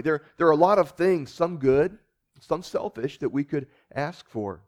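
A man's voice: a little high, expressive, measured pace, darkish tone. Earnest man preaching a conversational sermon. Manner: earnest, repeats words, asks listeners "right?". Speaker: pastor.

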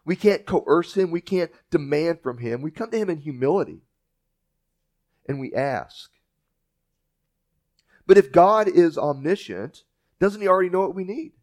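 A man's voice: sits high, expressive, a little fast, a little mellow. A male pastor preaching a sermon in a folksy, storytelling way, with frequent restarts.

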